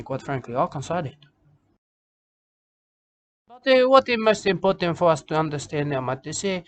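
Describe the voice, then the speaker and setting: A man's voice: fairly high pitch, a bit bright, a little hiss or hum, lightly acted. A man voicing a rambling, self-important male bush poet in a comic monologue, repeating himself and tagging lines with "okay?" and "mate".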